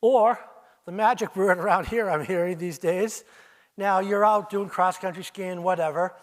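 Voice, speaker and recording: High-voiced older man telling owl stories. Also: moderate pace. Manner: storytelling, addresses listeners as you, mimics owl calls. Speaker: owl researcher giving a festival talk. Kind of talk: live presentation to an audience. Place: arts center auditorium.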